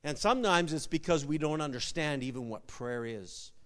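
Animated man preaching in a reverberant hall. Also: a little high, normal speed. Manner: animated storyteller, repeats words, sudden loud bursts. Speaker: pastor. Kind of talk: sermon with jokes. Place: church sanctuary.

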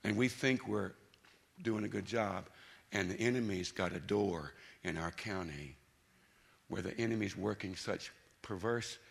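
A man preaching a sermon, emphatic, dropping to quiet intensity and rising to loud bursts. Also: fairly low pitch, unhurried, creaky, breathy edge.

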